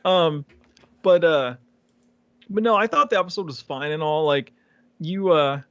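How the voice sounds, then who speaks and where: A man's voice: fairly high pitch, a little slow, fairly bright tone, dry recording, muffled recording. Hesitant male podcast co-host. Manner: hesitant, many fillers. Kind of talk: casual podcast discussion.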